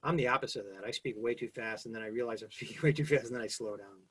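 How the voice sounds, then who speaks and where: A man giving quick, animated public speaking advice during a video call webinar. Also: mid-range voice, slightly rough.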